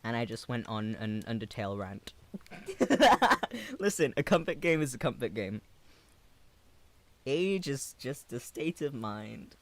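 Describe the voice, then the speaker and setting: A man in his twenties, a livestreamer reading chat aloud in a gentle, affectionate way with hesitant pauses. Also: medium pitch, lively intonation. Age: 20s.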